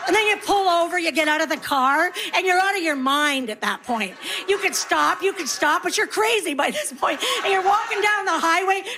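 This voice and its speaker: A middle-aged woman doing a stand-up comedy set, telling animated stories and acting out her kids and herself in shrill voices. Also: moderate pace, few pauses.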